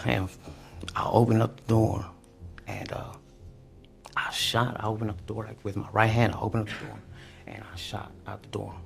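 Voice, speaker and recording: Low, gravelly-voiced man, halting. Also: level tone. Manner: halting, with restarts and repeated fillers; acts out quotes loudly, high and tense. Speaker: suspect in a police interview. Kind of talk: recorded police interview testimony.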